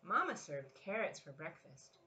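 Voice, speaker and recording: A children's librarian in her thirties leading a storytime at home. Her voice is bright and animated, rising and falling as she reads and cheers kids along. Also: fairly low pitch, normal speed, low-quality recording. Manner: lively, encouraging read-aloud. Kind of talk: family storytime reading.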